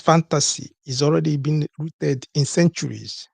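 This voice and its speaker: A man with a gravelly, husky voice hosts a solo podcast in a dry, close-sounding room. He asks rhetorical questions and keeps coming back to the same points, checking in with listeners as he goes. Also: a little high, moderate pace, darkish tone, no echo. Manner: rhetorical, repeats points with "okay?" and "what?". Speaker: podcast host.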